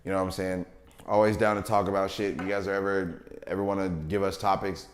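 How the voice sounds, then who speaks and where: A man's voice: low-pitched, little pitch movement, brisk, a little hiss or hum. A man co-hosting a livestreamed podcast, chatting casually with slangy banter and frequent laughter. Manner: laid-back slangy banter, laughs often. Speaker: podcast co-host. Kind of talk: casual chat. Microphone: livestream mic. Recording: echoey room.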